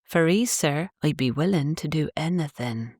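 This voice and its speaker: A woman's voice: sits low, lively intonation, normal speed, darkish tone, dry recording, studio quality. A woman voicing a cheerful, affectionate young Cornish wife in an audiobook, speaking in a lilting dialect. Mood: playful.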